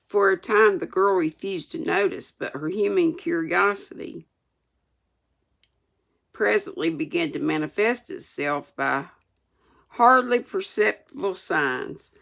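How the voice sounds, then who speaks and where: A woman's voice: lowish voice, takes it slowly, creaky, a bit bright. An older woman reading a classic novel aloud, adding homespun, chatty asides. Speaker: storyteller.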